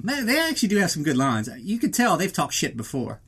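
A man with a slightly high voice rants his way through a comedic movie recap. He swears freely and sounds incredulous at what he is describing. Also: huge pitch swings, fairly quick, a bit bright, husky. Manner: profane, ranting and incredulous. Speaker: movie reviewer.

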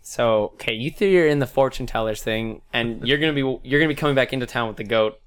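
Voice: mid-range voice, fast talker, clean tone. Laid-back game master narrating a tabletop session, swears, trails off. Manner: casual, loose, swears, trails off with fillers.

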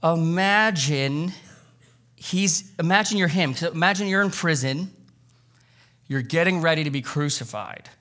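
A man preaches to his congregation in a church sanctuary. His delivery is conversational and earnest, and it rises in places to loud, emotional peaks. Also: a little high, measured pace. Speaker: pastor. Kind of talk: sermon.

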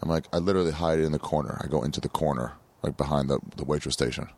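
A man guesting on a casual chat with fellow comedians, chiming in rapid-fire with his own stories. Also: extremely low pitch, darkish tone. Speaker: podcast guest. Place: rented home.

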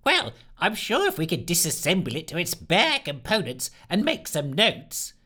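A high wailing fretful scientist. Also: male voice, huge pitch swings, moderate pace, pushed and bright, full character voice. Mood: wailing, despairing. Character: fretful wailing male scientist, easily despairing.

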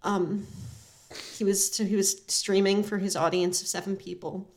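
Woman, podcast co-host, deadpan, rambling, dry comic chat, mid-pitched voice. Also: normal speed.

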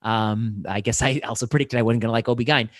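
A man who hosts a casual conversation about medical training, animated and full of fillers and restarts. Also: mid-range voice, fast, no echo, clean studio sound.

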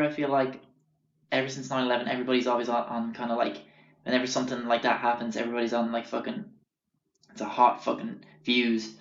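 A young man rambles through a casual anecdote, swearing constantly and often losing track of names. His mid-range voice comes through roomy, dull audio.

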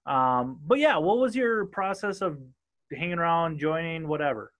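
Man, minnesotan accent, fairly high voice, rambling podcast host, casual swearing. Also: animated, normal speed, fairly bright tone. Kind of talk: casual interview chat.

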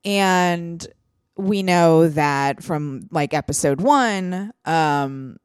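A woman's voice: fairly low pitch, very slow, clear, resonant tone, no echo, clean studio sound. A woman hosting a podcast in casual chat, talking frankly with plenty of fillers and casual swearing. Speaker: podcast host.

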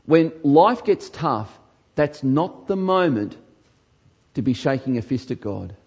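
A man who is a pastor, delivering an emphatic sermon in a church and rising to shouts on key lines. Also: medium pitch, sing-song, slow, slightly rough.

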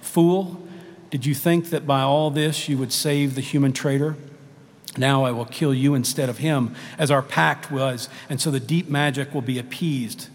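A man reading the lines of a cruel, gloating female witch aloud, slowly and with a quivering, taunting delivery. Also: mid-range voice, steady tone, lightly acted. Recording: long reverb of a large hall.

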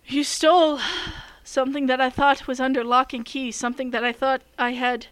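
Tabletop elf prince, male, ages old, archaic formal wording, played by a woman, clear high voice. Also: little pitch movement, no room sound, lightly acted. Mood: solemn. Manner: archaic formal speech, slowed. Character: regal ancient male elf prince, tender.

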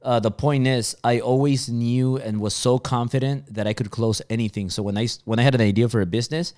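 A man's voice: mid-range voice, steady tone, fairly quick, a little mellow. A man around forty, a business guest in a casual interview, speaking confidently and boastfully and often restarting his sentences. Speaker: entrepreneur guest.

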